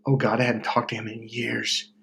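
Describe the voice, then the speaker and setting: A middle-aged man hosting a self-help video in a casual, blunt monologue, swearing freely and breaking into loud mocking voices when he quotes people. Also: medium pitch, completely flat delivery, normal speed, creaky, slightly rough.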